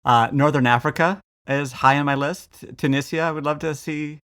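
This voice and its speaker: An American man co-hosting a podcast, chatting casually and telling a lively travel story with animated quotes. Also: a little high, normal speed. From United States. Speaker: podcast co-host. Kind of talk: casual chat.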